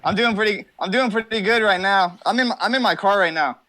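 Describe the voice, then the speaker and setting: A young man with a fairly high voice rambles through a casual interview from his car. He jokes and brags and swears constantly. He comes across as brash and over the top. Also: a little fast, pushed and bright. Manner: brash, profane, rambling comic boasting. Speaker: interview guest.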